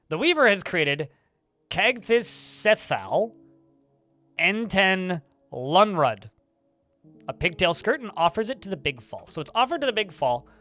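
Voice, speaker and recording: A man's voice: on the high side, pushed and bright, no echo, studio quality. A man live-streaming a game, telling a rambling story in a chatty, casual way with mild swearing.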